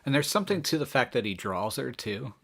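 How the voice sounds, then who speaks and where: A man's voice: medium pitch, big pitch swings, brisk, gravelly, fairly bright tone. A man co-hosting a casual book club discussion, thoughtful with hesitant phrasing.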